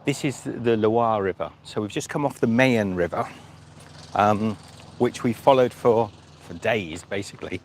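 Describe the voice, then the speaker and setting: Guy chatting into his phone outdoors, low-ish voice, keeps restarting sentences. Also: measured pace, slight background noise. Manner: chatty, jokey, rambling with restarts. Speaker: cycle-touring vlogger. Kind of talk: casual live-stream chat. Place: outdoor cycle rest stop in a village. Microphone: phone held by the speaker.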